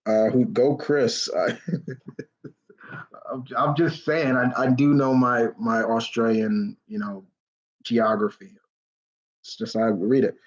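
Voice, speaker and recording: A man's voice: medium pitch, flat delivery, takes it slowly, pauses often, highs cut off. A man hosting a live question-and-answer stream, chatting enthusiastically in a rambling way, full of fillers and restarts. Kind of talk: casual rambling chat.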